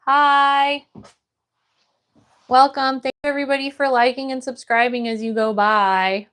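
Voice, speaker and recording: A woman's voice: high-pitched, level tone, unhurried, a bit bright, clear, resonant tone. A woman from Florida hosting a casual livestream, reading viewer messages aloud and answering them as she paints. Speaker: livestream host.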